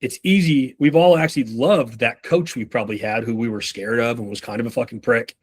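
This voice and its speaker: Casting: male sales coach in his thirties, mid-range pitch, loose and profane, slips into quick impressions. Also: husky. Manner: loose and profane, acts out customers and reps in quick bits. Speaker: sales trainer. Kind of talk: casual spoken sales training talk.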